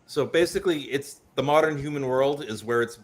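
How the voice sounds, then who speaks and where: At a convention panel, a man who designed a tabletop game explains it in a casual chat, speaking a bit fast in a medium-pitched voice. He's talkative and keeps restarting sentences, with a recurring cough and a slightly choked-up sound.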